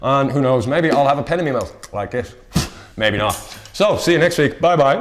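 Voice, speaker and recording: A man presenting a casual round-up of odd news stories on local TV, rambling and self-deprecating with quick asides. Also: medium pitch, animated. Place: local TV studio.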